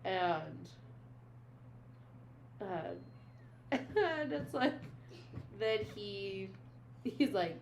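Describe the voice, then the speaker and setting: Speaking extremely slowly with long pauses, a young woman with an expressive mid-range voice recaps a book on the podcast she co-hosts. She retells scenes casually, reads quotes aloud, and says "she's like" often. A little hiss or hum is audible.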